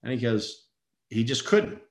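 A man's voice: medium pitch, big pitch swings, measured pace, echoey room. A middle-aged man earnestly telling a personal story as a father, acting out the voices of people in it. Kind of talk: emotional personal testimony.

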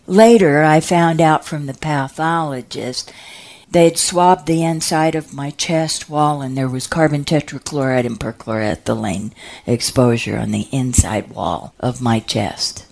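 A woman's voice: low-pitched, takes it slowly, darkish tone. A woman in her fifties telling a personal story. She acts out voices and drops to whispers. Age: 50s.

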